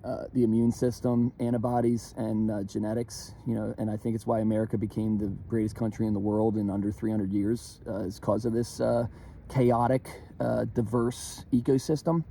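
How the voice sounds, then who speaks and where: A young man from Philadelphia ranting casually, profane and animated, with lots of fillers and restarts. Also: fairly low pitch, normal speed, gravelly, slight background noise. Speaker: vlogger. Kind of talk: casual rant to camera.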